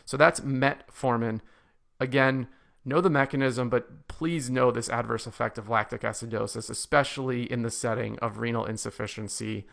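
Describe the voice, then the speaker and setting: Male lecturer, gravelly low rasp, mid-pitched, explains and repeats key points slowly. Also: fairly even intonation, fairly bright tone. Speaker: medical lecturer. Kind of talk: recorded pharmacology lecture.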